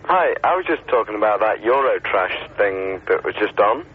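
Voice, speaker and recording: Male caller, low-pitched, rambling, over a thin phone line. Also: animated, normal speed. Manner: hesitant, rambling. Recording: tinny phone line with faint noise.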